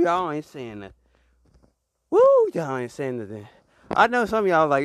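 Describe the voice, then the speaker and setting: A man's voice: fairly high pitch, huge pitch swings, normal speed, creaky, fairly bright tone, no echo. A man delivering a comedic mock sermon on a clip-on mic, with a preacher's rhythm and call-and-response to the listeners, laughing often. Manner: laughs often between lines.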